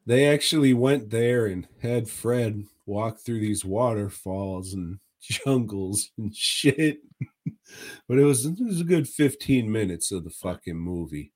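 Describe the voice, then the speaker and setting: A man's voice: on the low side, animated, slow, darkish tone. A man co-hosting a podcast, casually reviewing movies in a laid-back, profane way with frequent chuckles. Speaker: podcast co-host.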